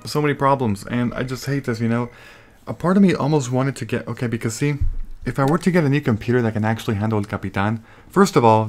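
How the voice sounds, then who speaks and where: A young man talks through a let's play at a mid pitch, rambling into a rant and breaking off to shout at the game. His desktop mic crackles and pops now and then. Faint game music plays underneath. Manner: rambling, ranting, frequent exclamations at the game. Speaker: gaming YouTuber. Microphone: desktop USB microphone. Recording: crackling, popping home mic.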